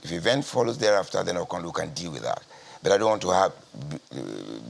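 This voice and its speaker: A Nigerian man speaking as a party spokesman in a news interview, measured and deliberate, often repeating his key phrases. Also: deep voice. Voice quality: gravelly, husky. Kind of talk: guarded TV news interview answers.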